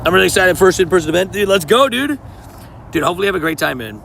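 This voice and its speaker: A man's voice: sits high, lively intonation, very fast, creaky, a bit bright, a little hiss or hum. A young man streaming casually to his live chat, laid-back and slangy, greeting viewers by name while outdoors.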